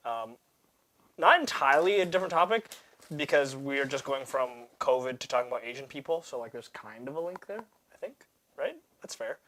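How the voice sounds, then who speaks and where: A young man on a podcast, swearing a lot and telling an animated story in casual chat. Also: medium pitch, brisk, a little hiss or hum. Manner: animated, swearing anecdote-teller.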